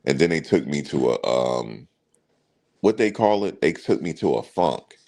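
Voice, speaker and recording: Low-voiced male host, casual commentary, chatty and repetitive. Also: sing-song, measured pace, gravelly, a little mellow. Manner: chatty storyteller, addresses viewers directly, repeats himself.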